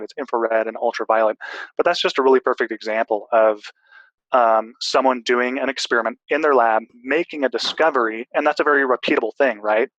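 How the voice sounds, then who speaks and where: A man's voice: medium pitch, fairly bright tone, no echo, rough recording. A man in a casual discussion, explaining at length with restarts and fillers.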